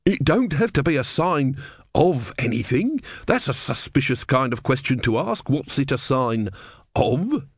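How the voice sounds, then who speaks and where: A man's voice: medium pitch, sing-song, measured pace, breathy edge, dry recording, clean studio sound, pitched above the performer's own voice, exaggerated voice. A man voicing a stubborn, insistent wooden-legged old believer. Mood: suspicious. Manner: insistent, suspicious.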